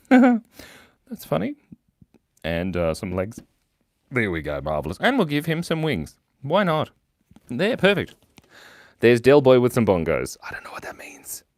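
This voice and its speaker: A man's voice: mid-range voice, no room sound, clean studio sound. A young Australian man hosting a live drawing stream, chatting playfully and laughing as he reads out viewer comments.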